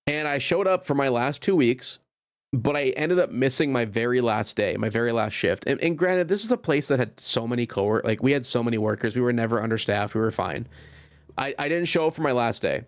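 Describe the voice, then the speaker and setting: A man's voice: mid-range voice, animated, a little fast, dry recording, studio quality. A man in his thirties hosts his own show, spinning loose anecdotes in a mid-range voice. He rambles and restarts, swears casually, and laughs at his own stories. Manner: rambling, self-interrupting, profane, frequent laughs. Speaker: podcast host. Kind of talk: casual storytelling monologue.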